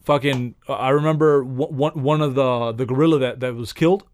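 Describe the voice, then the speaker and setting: This podcast co-host speaks at medium pitch with fairly even intonation and a fairly quick pace. His casual chat rambles, turns profane, and is full of laughter, recorded dry with clean studio sound.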